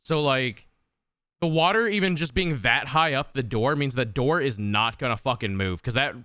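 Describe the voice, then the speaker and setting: A man's voice: medium pitch, moderate pace, sharp tone, smooth, no echo, clean studio sound. A man streaming a game, rambling and swearing casually with many fillers.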